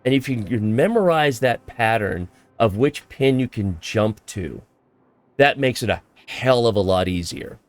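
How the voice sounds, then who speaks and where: A male streamer hosting a casual charity livestream chat, excitable, laughing often and tripping over his words. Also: mid-range voice, measured pace, dry recording. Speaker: streamer host.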